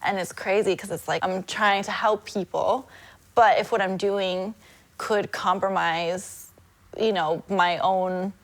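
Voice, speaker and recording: An American woman, a mentor to adult industry workers, speaking candidly in a documentary interview in a nervous, emotional and halting way. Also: mid-range voice, steady tone.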